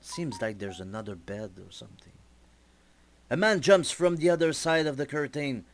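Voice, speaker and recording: A young man, a student, narrating his storyboard story deliberately with small slips. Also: mid-range voice, expressive, soft background music. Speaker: student presenter.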